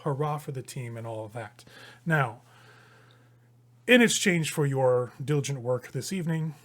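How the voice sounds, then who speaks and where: A man voicing a cool, condescending vampire noblewoman who speaks in a dry, measured way. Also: mid-range voice, fairly bright tone, natural voice.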